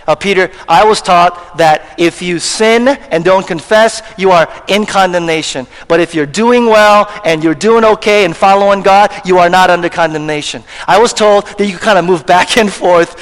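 A man preaching a sermon as pastor to his congregation, conversational and emphatic, often asking the room questions. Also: sits high. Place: church hall with congregation. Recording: long reverb of a church hall.

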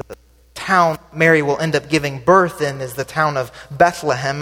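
A man's voice: fairly high pitch, fairly bright tone. Guy preaching a sermon in a church, chatty style, keeps asking the crowd questions, long echoey reverb. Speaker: pastor. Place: church sanctuary.

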